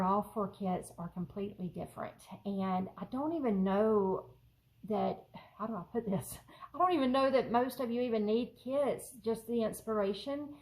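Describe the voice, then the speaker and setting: A woman's voice: medium pitch, rough recording. Giggly rambling woman vlogger. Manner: rambling and giggly, many fillers. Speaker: journaling vlogger. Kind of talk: casual chatty vlog. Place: home craft room.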